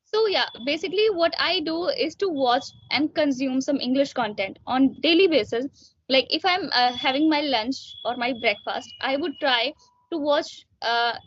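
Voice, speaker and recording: A young female student with a high voice, pausing often as she works through her answers during a casual practice chat. The call audio is dull and dry, with no room sound. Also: no echo. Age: young adult. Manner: speaks carefully with frequent filler pauses. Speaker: student learner. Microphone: online voice call.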